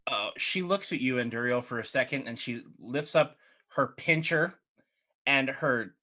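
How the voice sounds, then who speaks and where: A man narrating a tabletop game as game master, in an animated storytelling manner. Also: medium pitch, unhurried.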